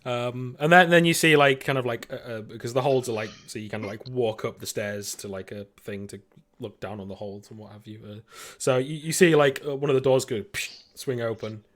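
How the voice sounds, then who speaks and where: A man running a sci-fi tabletop game, narrating in a loose, rambling way. He stumbles through fillers and restarts as he describes the scene, his voice sitting at an ordinary middle pitch. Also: fairly quick, a bit bright. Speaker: game master.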